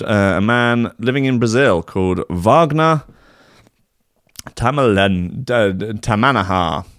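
A man works through odd news stories in a loose, comic read, full of fillers and sarcastic asides. His voice sits at an ordinary pitch and sounds dry and close to the mic. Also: fairly bright tone, no room sound. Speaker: podcast host reading odd news stories. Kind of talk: casual comic news reading.

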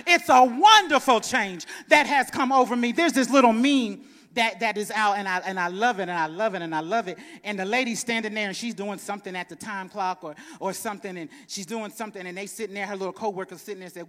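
High, bright-voiced shouting preacher. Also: male voice, a little fast. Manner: swings between shouted preaching and soft chuckling asides. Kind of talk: sermon. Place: church. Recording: reverberant church hall.

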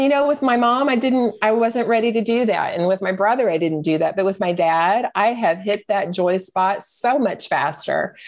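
A middle-aged woman talking as a podcast guest, candid and reflective, often searching for her words. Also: mid-range voice. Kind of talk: personal storytelling in conversation.

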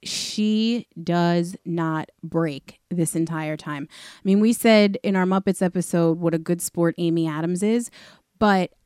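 A woman's voice: fairly low pitch, measured pace, a little mellow, clean tone, no room sound, clean studio sound. A woman from the New York area co-hosting a podcast, talking about a movie in an enthusiastic, conversational way. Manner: enthusiastic, conversational, fillers like "like" and "you know". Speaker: podcast co-host. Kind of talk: casual movie discussion.

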